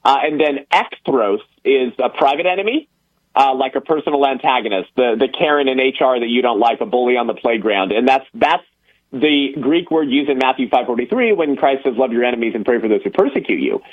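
A man's voice: medium pitch, brisk, phone-quality sound. A man, co-host of a talk show, explaining terms carefully with many fillers and quotations. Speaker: ministry leader and co-host.

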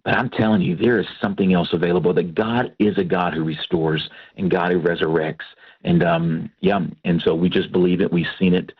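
Husky-voiced man telling his story on radio. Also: sits low, brisk. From Texas. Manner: animated storytelling, acts out quoted voices. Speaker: guest, pastor and Christian counselor. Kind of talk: radio interview, personal testimony. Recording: dull lo-fi radio broadcast.

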